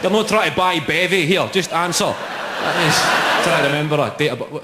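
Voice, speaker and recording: A man's voice: a little high, brisk, very noisy. A young Scottish man doing live stand-up comedy in a large venue, with sweary, mocking banter. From Scotland. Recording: echoey hall with roaring crowd. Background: audience laughter and cheers.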